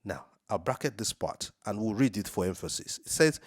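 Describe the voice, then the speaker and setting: Lowish-voiced guy doing a screen-share scam review, emphatic, keeps saying okay?. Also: expressive, breathy edge. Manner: rereads passages slowly for emphasis. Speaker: host of a scam-review channel. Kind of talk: screen-share walkthrough commentary.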